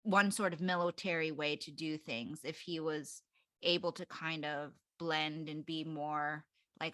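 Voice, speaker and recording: A woman's voice: low voice, steady tone, moderate pace, bright, forceful tone, dry recording, studio quality. A woman co-hosting a book club podcast, chatting casually and reading passages aloud with hesitant fillers. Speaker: podcast co-host.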